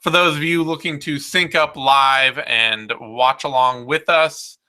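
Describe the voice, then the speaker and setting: A man's voice: mid-range voice, measured pace, bright, forceful tone, clear, resonant tone. A man hosting a casual podcast chat, talking in a rambling, wry way and often restarting his sentences. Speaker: podcast host.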